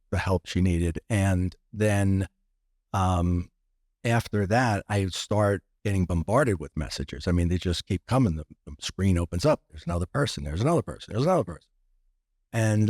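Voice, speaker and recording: A man's voice: low-pitched, a little mellow, dry recording, studio quality. A man guest on a podcast, telling a personal story with many restarts and acting out what others said.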